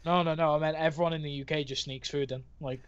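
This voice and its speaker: A man from Liverpool with a Scouse accent, co-hosting a football chat and laughing often between quick remarks. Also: a little high, fairly even intonation, clear, resonant tone. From Liverpool, England. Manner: laughs often, quick mate-laced chatter. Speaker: co-host. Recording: dull lo-fi call audio.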